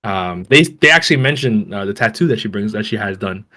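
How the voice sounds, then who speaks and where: A man with a somewhat low voice co-hosts a podcast in casual chat. He rambles easily, with fillers and restarts throughout. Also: expressive, brisk, bright, forceful tone. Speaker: podcast co-host.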